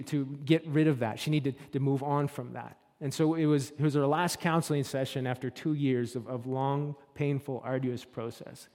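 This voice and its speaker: A man's voice: medium pitch, darkish tone. A man preaching a sermon, telling a story with repeated words and restarts. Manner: storytelling that builds to impassioned climax with frequent repetitions. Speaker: pastor. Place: church sanctuary. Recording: long hall reverb.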